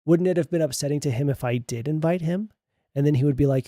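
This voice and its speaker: A man's voice: a little high, quick pace, mellow, no room sound, studio quality. A man streamer reading online posts aloud and reacting with sarcastic remarks, frequent laughter and swearing.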